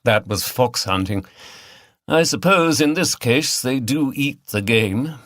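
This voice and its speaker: A man's voice: mid-range voice, expressive, takes it slowly, fairly bright tone, no room sound, clean studio sound, voice pushed up. A man reading the part of a middle-aged male artist with a British RP accent, polite, precise and faintly superior.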